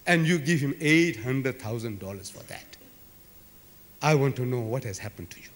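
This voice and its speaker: A man's voice: mid-range voice, expressive, moderate pace. A man giving an emphatic, dramatic public lecture in a large civic hall, full of repetition and rhetorical flourishes. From South Africa. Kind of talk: public lecture to a live audience. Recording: echoey hall recording.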